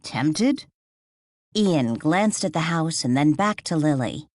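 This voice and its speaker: A woman narrating an audiobook with expressive storytelling. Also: sits low, a little slow, no echo, clean studio sound. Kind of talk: scripted narration.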